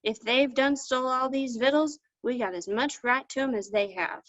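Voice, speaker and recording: A woman's voice: high-pitched, normal speed, no echo, natural voice. A woman voicing Jack, a friendly, bold young country man with a folksy drawl. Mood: thoughtful. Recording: dull lo-fi dry sound.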